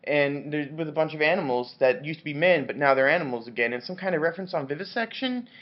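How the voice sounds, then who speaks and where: A man's voice: on the high side, animated, fast talker, dull audio. Tipsy man rambling through a book review. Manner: rambling, profane, many restarts and fillers. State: drunk on wine.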